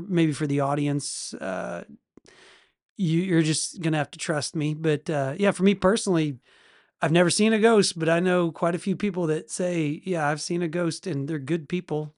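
A man co-hosting a podcast in casual chat, jokey and quick to laugh, with chatty asides. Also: on the high side, steady tone. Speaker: podcast co-host.

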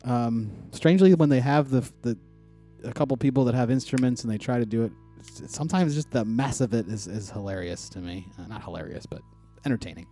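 Mellow-voiced man in rambling chat. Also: medium pitch, a little fast, faint music behind. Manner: rambling, trails off with fillers. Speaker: podcast co-host. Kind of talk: casual chat recapping a radio show.

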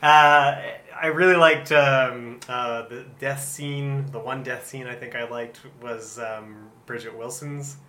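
A man's voice: mid-range voice, steady tone, slow, hardly any pauses, bright, forceful tone, reverberant. A man giving blunt, opinionated takes on a movie in casual chat, with frequent fillers. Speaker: podcast co-host.

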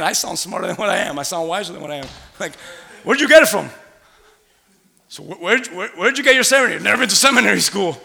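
A man preaching a sermon in a church, animated, laughing, and rising to shouts. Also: high-pitched, fast talker, gravelly. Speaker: pastor. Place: church sanctuary. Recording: long hall reverb.

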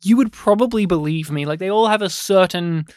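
Smooth-voiced rambling podcast host. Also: male voice, high-pitched, fairly quick, no echo, studio quality. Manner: rambling, hesitant, many fillers and restarts. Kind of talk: casual film discussion.

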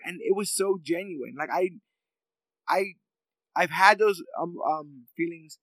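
A man's voice: high voice, measured pace, pushed and bright, no room sound, rough recording. A man co-hosting a casual chat reviewing a TV series, talking in a thoughtful, reflective way with many filler ums. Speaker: podcast co-host.

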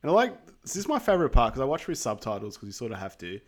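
A man co-hosting a podcast, recapping a film in a relaxed way, with ums and quoted scenes. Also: medium pitch, very fast. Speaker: podcast co-host. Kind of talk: casual film recap chat.

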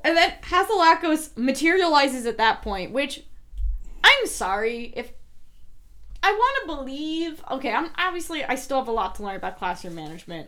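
A woman with a New Jersey accent chats loosely on a podcast, her voice sitting a little high. She is animated, swears freely and laughs a lot as she recaps. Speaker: podcast co-host; teacher. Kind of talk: casual rewatch podcast chat.

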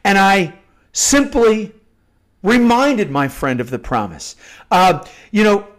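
A middle-aged man with a fairly high voice speaks as a devotional host. He talks off the cuff and earnestly, circling back and repeating words as he builds to a point. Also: very animated, slow pace, fairly bright tone. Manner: earnest, repeats and restarts phrases for emphasis. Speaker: Catholic novena host. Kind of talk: spontaneous devotional teaching.

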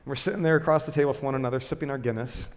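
A man's voice: medium pitch, fairly even intonation, racing, long reverb tail. A man, a pastor, preaching a sermon full of personal stories in a conversational, self-deprecating way with lots of fillers and restarts.

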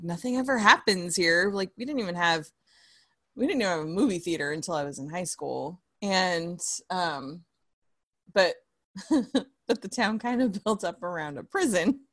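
Young co-host from southern California, easy laugh, lower pitch, dry room. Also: female voice, fairly bright tone, dry recording. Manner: laughs often, casual storytelling. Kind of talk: casual chat.

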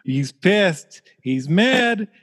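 A man's voice: sits high, sing-song, drawn-out words, fairly bright tone, in a large hall. A man co-hosting a comedy podcast, teasing his partner in a mock-formal, playful way. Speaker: podcast co-host.

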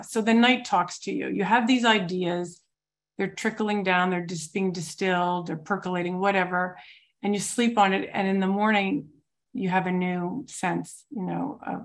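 A woman in her forties shares her recovery story in a program meeting. She talks in a reflective, searching way, at a middling pitch, and often stops to gather her thoughts with soft fillers. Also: steady tone, unhurried. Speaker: twelve-step program member sharing her story. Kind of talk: personal recovery testimony.

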